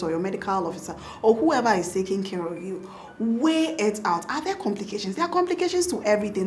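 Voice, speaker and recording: Ghanaian woman, doctor, chatty interview storyteller, animated and laughing, mid pitch, faint noise behind. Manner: animated, laughing, acts out her own past words. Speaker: doctor and mother telling her birth story.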